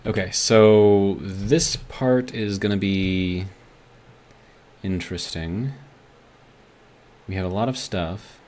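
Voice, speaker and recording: A man with a somewhat low voice streams a game, talking his moves through out loud. He rambles loosely and stops now and then to read chat messages to his viewers. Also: takes it slowly, long pauses. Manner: rambling, thinks aloud, reads chat messages. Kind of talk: live gameplay commentary.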